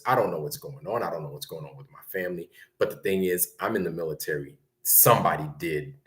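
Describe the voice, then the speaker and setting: A man, telling a long story in a rambling, conversational way and often tagging his sentences with a quick question. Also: low-pitched, a bit bright. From Brooklyn, New York. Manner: rambling, conversational, keeps asking "right?". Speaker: guest recounting military service. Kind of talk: casual storytelling.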